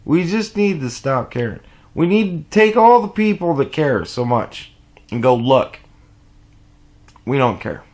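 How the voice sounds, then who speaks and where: A man giving casual reaction commentary, animated and profane, rambling with restarts and sounding sleep deprived. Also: on the high side, normal speed. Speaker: commentary vlogger.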